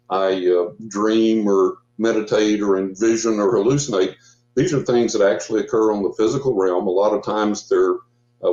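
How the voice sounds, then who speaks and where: On a radio talk show, an older man who works as a psychic tells a story in a casual interview. His low, dark-toned voice wanders and restarts often, weaving in quoted dialogue. The sound is roomy and muffled, like a remote call.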